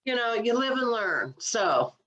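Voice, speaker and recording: A woman's voice: a little high, very animated, unhurried, a bit bright. A woman co-hosting a comedy podcast, chatting casually and rambling with lots of fillers. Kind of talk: casual chat.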